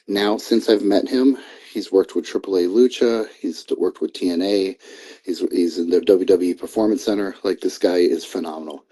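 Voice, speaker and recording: A man's voice: deep voice, mellow, breathy edge. A middle-aged man as an interview guest, telling stories casually, swearing freely and acting out the dialogue. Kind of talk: casual storytelling.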